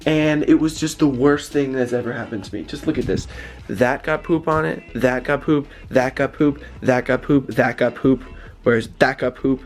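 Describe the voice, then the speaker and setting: A teenage man vlogging in a casual, animated way, exasperated and acting out the people he quotes. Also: medium pitch, moderate pace, soft background music. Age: teens. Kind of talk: casual vlog storytelling. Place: cold house and busy restaurant.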